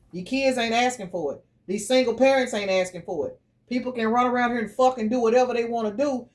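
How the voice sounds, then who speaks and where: Blunt, cursing woman reading tarot. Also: a little high. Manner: blunt, profane, preachy. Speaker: tarot reader.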